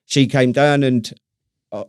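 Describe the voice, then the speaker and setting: A man's voice: mid-range voice, takes it slowly, darkish tone, clean tone, no echo. British guy co-hosting a podcast at a mate's house, rambly chat with lots of "wasn't it", dry room. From Britain. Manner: chatty, rambling, tag questions, laughs easily. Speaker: podcast co-host. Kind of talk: casual chat. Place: at a friend's house, indoors.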